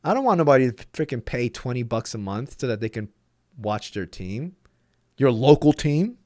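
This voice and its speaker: A man's voice: medium pitch, big pitch swings, normal speed, darkish tone, no room sound, clean studio sound. A man hosting a sports vlog, ranting with exasperation and profanity, emphatic and fed up. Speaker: sports channel host.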